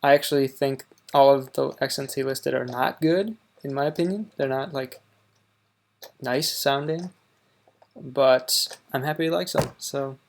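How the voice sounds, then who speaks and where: Creaky-voiced man with a Wisconsin accent. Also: medium pitch, fairly even intonation, a little hiss or hum. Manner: halting, with many fillers and restarts. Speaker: host reacting to a video. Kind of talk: casual reaction commentary.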